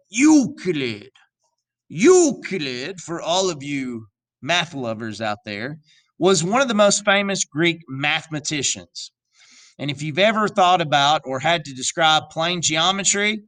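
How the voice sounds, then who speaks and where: A teacher records a lesson for his students in a lively, joking way. His voice is bright and fairly high for a man. He talks straight to the class and drifts into a strange put-on accent. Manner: animated and jokey, with asides to students; drops into an odd accent for a while. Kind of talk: recorded video lecture.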